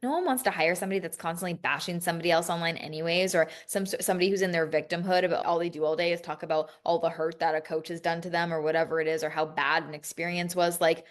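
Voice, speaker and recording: A woman's voice: lowish voice, fairly even intonation, quick pace, few pauses. A woman hosting a solo coaching podcast, talking candidly and emotionally, swearing freely and restarting her sentences. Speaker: business coach and podcast host.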